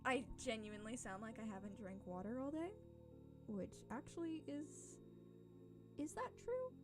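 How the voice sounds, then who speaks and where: A woman's voice: on the high side, animated, music in the background, natural voice. Woman putting on a posh British accent. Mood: amused. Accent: put-on posh British English. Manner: chatty, self-interrupting, quick to laugh. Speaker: channel host answering chat questions. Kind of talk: casual livestream chat.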